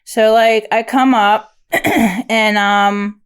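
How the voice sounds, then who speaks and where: A woman's voice: on the high side, fairly even intonation, extremely slow, smooth. A woman sharing her recovery story on a podcast, speaking candidly, with many fillers and restarts.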